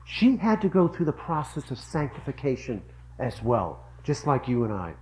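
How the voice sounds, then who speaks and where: A man's voice: medium pitch, very animated, moderate pace, darkish tone, a little hiss or hum, poor audio. A middle-aged man giving an earnest devotional talk, telling stories and repeating phrases for emphasis. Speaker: religious speaker.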